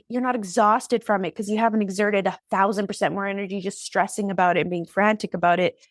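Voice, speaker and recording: Woman, podcast guest coach; emphatic bursts, mid pitch, dry recording. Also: no echo. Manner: energetic, emphatic, quick bursts with pauses. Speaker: ADHD therapist and coach, guest. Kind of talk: podcast interview.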